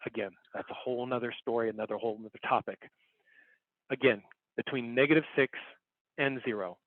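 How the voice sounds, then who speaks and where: A man's voice: mid-range voice, brisk. A man runs an online workshop from a home recording setup, explaining step by step and coming back to his main points. His voice sits in a middle range, and the call audio is narrow and phone-like. The sound is dry with no room echo. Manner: casual, upbeat, talks while demonstrating on screen. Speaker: workshop instructor. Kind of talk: online class teaching.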